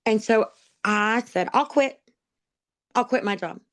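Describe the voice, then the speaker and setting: A woman with a fairly high, slow voice, recorded dry, tells her own life story in an interview. She's a dog program graduate, and her personal testimony comes out rambling and emotional, with frequent ums and laughs at her own expense.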